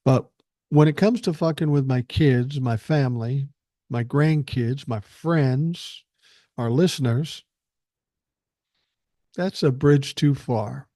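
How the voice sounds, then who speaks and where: A man's voice: medium pitch, takes it slowly, long pauses, warm tone, no echo. An older man hosting a podcast, delivering a blunt, profane and angry political monologue into a close mic. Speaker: podcast host.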